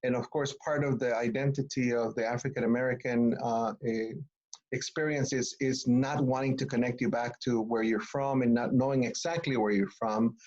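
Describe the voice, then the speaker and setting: A man's voice: mid-range voice, fairly even intonation, normal speed, darkish tone, dull audio. A man from Guatemala interviewing a guest, hesitant and searching for his words, often restarting. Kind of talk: conversational interview.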